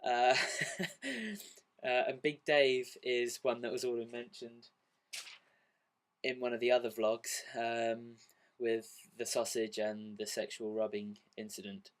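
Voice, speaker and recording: A man's voice: mid-range voice, steady tone, slow pace, long pauses. Man, unwell, rambling self-deprecating vlogger, loose fillers throughout. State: unwell and dizzy. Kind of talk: rambling casual vlog.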